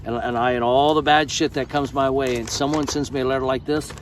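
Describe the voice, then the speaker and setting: A man's voice: medium pitch, steady tone, a little fast, background noise. A middle-aged American man vlogging in a casual, emphatic and effusive way, swearing freely as he talks. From United States. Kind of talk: casual vlog talk.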